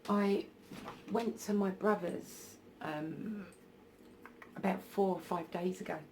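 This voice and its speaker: A woman's voice: mid-range voice, fairly even intonation, slow pace, a little mellow, a little hiss or hum. A woman telling a personal story in a casual vlog on her phone, hesitant and full of ums and restarts. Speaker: spiritual vlogger.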